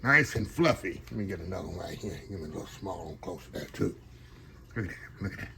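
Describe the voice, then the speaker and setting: A middle-aged man and kitchen manager chatting excitedly in a casual cooking vlog, talking to viewers from his kitchen while the camera sits on a tripod. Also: deep voice, fast, creaky, very noisy. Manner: chatty and excited, keeps addressing viewers as y'all. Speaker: home cook and kitchen manager. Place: home kitchen, indoors.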